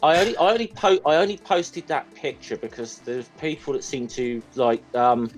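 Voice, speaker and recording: A man's voice: mid-range voice, normal speed, faint music behind. A man in casual group chat on a call, rambling and hesitant, swearing now and then. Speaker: podcast guest.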